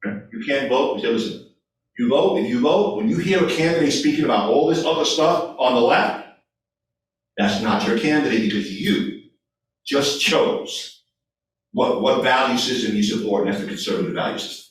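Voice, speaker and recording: A man giving a speech at a meeting, talking in an animated way and acting out people's replies. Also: mid-range voice, normal speed. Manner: animated, acts out voters' replies. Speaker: guest speaker. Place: meeting hall. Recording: echoey room, voice from far off.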